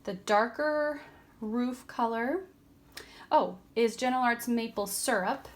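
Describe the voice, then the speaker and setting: A woman vlogger giving a casual, chatty craft tutorial at home, relaxed, with frequent ums and a tired, yawning edge. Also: a little high, takes it slowly. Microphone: camera on a tripod.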